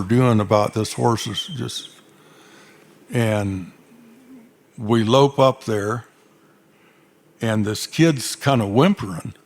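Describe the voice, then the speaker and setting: An older man from Arizona, telling cowboy stories onstage in a folksy, dry-humored drawl. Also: mid-range voice. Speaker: cowboy storyteller. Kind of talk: onstage storytelling. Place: stage before a live audience.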